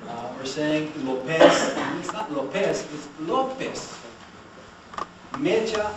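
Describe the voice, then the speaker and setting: A man giving a classroom lecture, explaining patiently and putting questions to the class. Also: a little high. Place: lecture room. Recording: very echoey, distant, noisy room recording.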